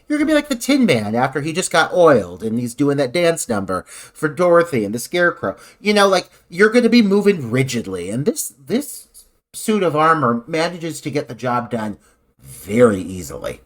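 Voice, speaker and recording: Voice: mid-range voice, very animated, moderate pace. A podcast co-host in casual, sarcastic film talk who swears freely. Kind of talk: casual film-review chat.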